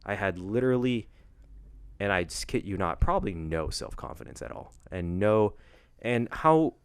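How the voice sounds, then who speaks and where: A young man with a very low voice talks in a casual podcast chat. He tells his story earnestly, stopping and restarting often, and the mic is close and dry. There is no room sound around him. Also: animated, clean tone, no echo. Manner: halting, emotional storytelling with many restarts. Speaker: podcast co-host.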